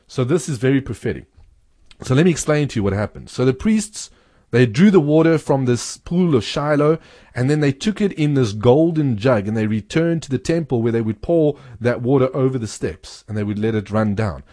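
A man's voice: medium pitch, animated, normal speed, mellow, no room sound, studio quality. A man co-hosting a talk show, earnestly explaining scripture and quoting passages. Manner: earnest explaining, repeats key words, quotes scripture. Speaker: Bible teacher co-host. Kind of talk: teaching on scripture in a radio-style talk show.

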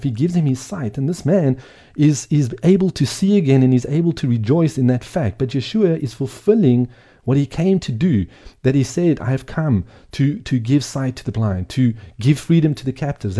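A man's voice: medium pitch, dark tone. A man giving earnest Bible teaching, speaking emphatically and repeating phrases for emphasis.

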